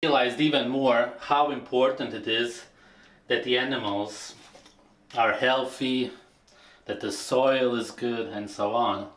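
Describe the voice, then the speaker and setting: A man's voice: medium pitch, fairly even intonation, slow, a bit bright. Earnest man in a roomy clip. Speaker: video blogger being reviewed. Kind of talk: casual vlog talk. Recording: roomy clip with faint noise.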